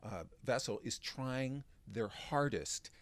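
A man, a magician and stand-up comic, talking in a relaxed interview, restarting sentences as he thinks. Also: mid-range voice, slow, no room sound. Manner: chatty, with frequent restarts and fillers. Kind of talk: interview conversation.

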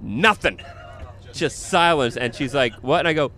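Animated man telling a comedy story. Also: mid-range voice, normal speed. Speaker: comedian and podcast host. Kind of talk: casual storytelling chat.

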